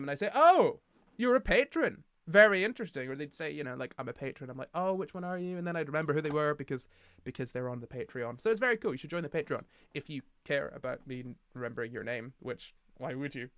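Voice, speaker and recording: Young male streamer from the UK, tired and rambling, with a slightly high voice and a dry, close sound. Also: a bit bright, clear, resonant tone, no echo. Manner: rambling, self-mocking, reading chat aloud. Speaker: livestream host. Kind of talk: casual livestream chat.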